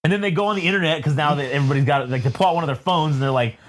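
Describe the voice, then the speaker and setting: A man's voice: a little high, very fast. A man co-hosting a podcast, telling a rambling, profane comic story and acting out the people in it. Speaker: podcast co-host. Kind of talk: casual comedic chat.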